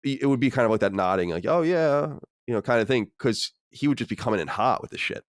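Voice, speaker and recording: A man with a lowish voice talks easily about films on a podcast, casual and unhurried in his delivery. The recording is dry and close-miked. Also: no echo. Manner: relaxed, conversational, swears casually. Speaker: podcast co-host. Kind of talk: casual podcast film discussion.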